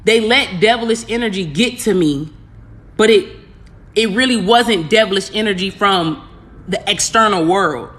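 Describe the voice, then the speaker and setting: Bright sharp-voiced spiritual coach just rambling to the viewers, loops the same phrase over and over, lots of slang. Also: medium pitch, normal speed. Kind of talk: casual spiritual talk to viewers.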